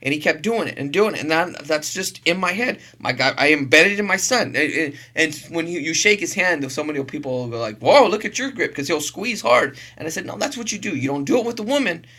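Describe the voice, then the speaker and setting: A man's voice: a little high, expressive, quick pace, hardly any pauses, sharp tone. A middle-aged man co-hosting a podcast, telling stories in casual, profane, emphatic chat. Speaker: podcast co-host.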